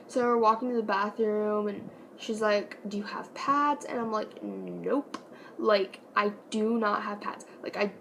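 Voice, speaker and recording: A young woman casually telling a personal story on her vlog, chatty and animated, with lots of fillers. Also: mid-range voice, a little hiss or hum, rough recording. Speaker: vlogger.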